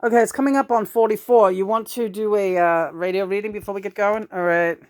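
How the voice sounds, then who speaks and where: A woman's voice: mid-range voice, fairly even intonation, fairly quick, a little mellow, no room sound, studio quality. A woman in her sixties chatting casually in a rambling, profane way, often breaking into chuckles. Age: 60s. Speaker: vlogger.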